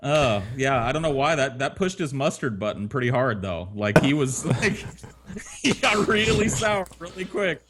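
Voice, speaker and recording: A man's voice: medium pitch, big pitch swings, normal speed, a bit bright, a little hiss or hum. A man co-hosting a podcast, telling a crude story in a loose, profane, laughing way. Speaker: podcast co-host.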